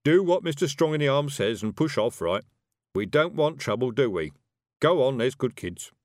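Nervous young wizard, voiced by a man: loud, hesitant, placating. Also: mid-range voice, animated, moderate pace, no room sound, clean studio sound, voice pushed up, close to an everyday voice.

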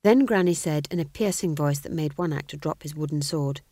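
A woman's voice: deep voice, a little fast, dark tone, no echo. A woman narrating an audiobook in a dry, wry storytelling manner.

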